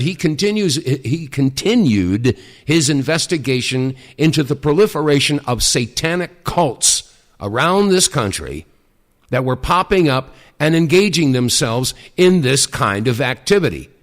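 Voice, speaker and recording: A middle-aged man hosting talk radio, speaking emphatically and deliberately with frequent fillers. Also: on the high side, animated.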